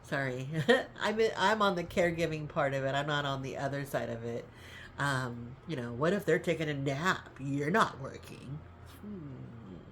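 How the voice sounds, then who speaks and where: A woman in middle age with a low, deep-set voice shares caregiving experience in a casual vlog. She rambles, apologizes and laughs often, and sounds close to tears. A faint background noise sits under her voice. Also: a bit bright. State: near tears. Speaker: caregiving vlogger. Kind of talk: casual talk to camera.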